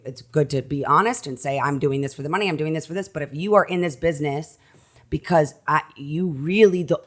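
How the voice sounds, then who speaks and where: A woman with a notably low voice chats as a podcast guest. She is expressive, restarts her sentences often and gestures while she talks. She sounds like she is in her thirties. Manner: animated, talks with her hands, many restarts. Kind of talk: casual conversation.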